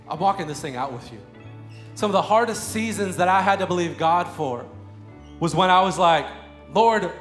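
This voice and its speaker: A man in his thirties preaching a sermon, moving between quiet personal storytelling and loud, fervent prayer. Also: fairly high pitch. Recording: echoey room with faint music.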